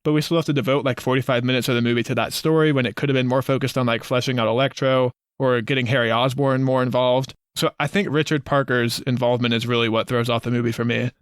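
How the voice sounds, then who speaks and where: A man's voice: mid-range voice, steady tone, quick pace, few pauses, clear, resonant tone, no echo, clean studio sound. A man co-hosting a casual film review chat, earnest and repeating words as he starts sentences. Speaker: podcast co-host.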